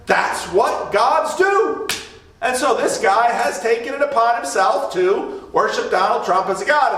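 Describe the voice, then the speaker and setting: High-voiced joking pastor, echoey church. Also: male voice, a little hiss or hum. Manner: animated, joking, acts out voices in quotes. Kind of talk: informal sermon. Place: church sanctuary. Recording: distant mic in a very echoey room.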